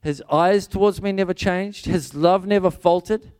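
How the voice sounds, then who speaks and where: A man's voice: high-pitched, normal speed, darkish tone, clean tone. A man preaching a sermon, telling a personal story in an earnest, conversational way with frequent restarts.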